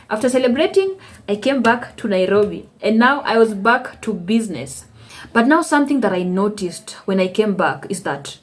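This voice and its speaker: A woman with a Kenyan accent telling her faith testimony on her channel and acting out her conversations with God. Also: mid-range voice. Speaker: vlogger. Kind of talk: personal testimony storytelling.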